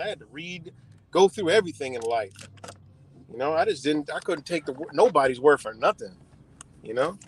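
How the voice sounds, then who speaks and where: A man's voice: a little high, expressive, moderate pace, a little hiss or hum. A man, ranting profanely and rambling through a casual livestream while he drives his car. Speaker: livestream host.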